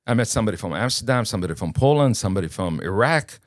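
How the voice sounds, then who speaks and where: A man's voice: fairly low pitch, very fast, no room sound, studio quality. A man from Kuwait, a podcast guest telling his own story casually and acting out the dialogue as he goes. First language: Arabic. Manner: animated, casual storyteller who acts out dialogue. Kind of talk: personal storytelling in an interview.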